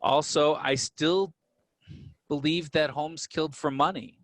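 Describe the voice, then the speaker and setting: A man's voice: a little high, unhurried, dry recording. Man co-hosting a casual podcast, dry sound. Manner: relaxed, with fillers and restarts, explaining history. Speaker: podcast co-host. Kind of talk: casual conversational storytelling.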